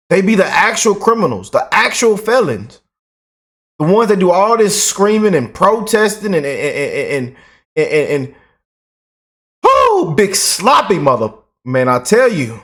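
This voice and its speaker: Fired-up ranting male commentator. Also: on the high side. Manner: animated, repetitive, emphatic. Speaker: commentary channel host.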